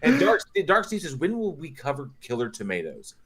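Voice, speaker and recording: A man's voice: a little high, wildly swooping pitch, brisk, a crowd in the background. Laughing, swearing male podcast host. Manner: laughs often, swears casually, reads viewer comments aloud. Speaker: podcast co-host reading live chat. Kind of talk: casual podcast chat.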